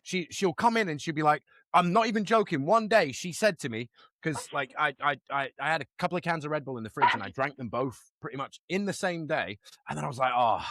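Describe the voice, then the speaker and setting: Animated, high-voiced man telling stories. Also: quick pace, no echo. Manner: animated, laughing storyteller, swears freely. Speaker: podcast co-host. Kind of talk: casual chat.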